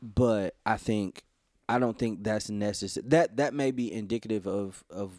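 A man's voice: on the low side, moderate pace, a little mellow, no echo, clean studio sound. A man co-hosting a podcast, talking casually and rambling with lots of "you know" fillers. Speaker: podcast co-host. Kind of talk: casual conversation.

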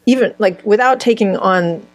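A woman's voice: medium pitch, normal speed, no room sound. A woman speaking as a healer guest in an interview, searching for words and often restarting phrases mid-thought. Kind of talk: conversational interview answers.

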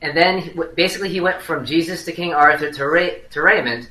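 A man's voice: on the high side, fast talker, pushed and bright. A man recounting a story in casual podcast chat, with an amused storytelling manner. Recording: echoey room.

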